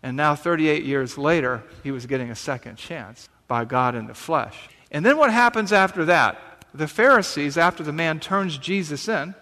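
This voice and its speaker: A pastor giving a sermon, reading scripture and then explaining it in a conversational, emphatic way with repetitions. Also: male voice, fairly high pitch, bright, forceful tone, big-room sound.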